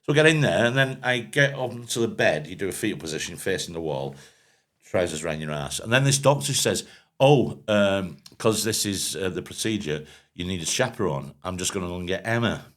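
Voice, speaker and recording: A middle-aged man with a low voice, co-hosting a podcast and telling crude, jokey stories with put-on quotes. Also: animated, a little fast, a bit bright. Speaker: podcast co-host. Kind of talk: casual pub-style banter.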